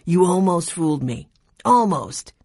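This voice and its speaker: A woman voicing a calm, sensible older brother in a storybook reading. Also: lowish voice, a little slow, breathy edge, no echo, studio quality, exaggerated voice. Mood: reassuring. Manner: calm and reassuring.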